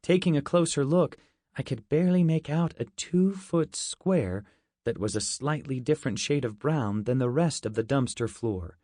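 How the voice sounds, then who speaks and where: A man's voice: mid-range voice, animated, moderate pace, dark tone, dry recording. Male audiobook narrator, dry studio sound. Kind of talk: first-person scripted narration.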